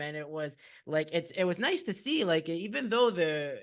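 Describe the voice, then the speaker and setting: A male podcast host who talks in eager, rambling bursts, tripping over his words as he tells a story. His voice sits a little on the higher side. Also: normal speed, gravelly, few pauses. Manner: excited, rambling storyteller with many restarts and "like". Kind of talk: casual conversational interview.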